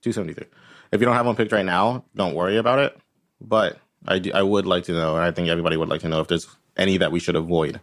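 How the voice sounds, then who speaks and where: A man's voice: low voice, steady tone, quick pace. A man running a tabletop game as game master, rambling casually and tagging his points with "right?". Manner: rambling, tags lines with "right?".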